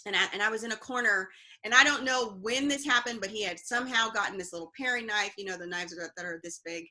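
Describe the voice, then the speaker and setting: A woman's voice: medium pitch, fast talker, pushed and bright. A woman, an interview guest, earnestly recounting a personal story with fillers and restarts.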